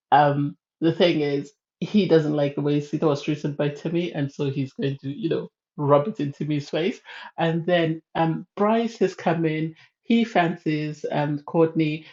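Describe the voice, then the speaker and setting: A woman's voice: low-pitched, a little mellow. A woman giving a chatty, opinionated spoken review of a reality dating show. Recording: slightly dull lo-fi sound.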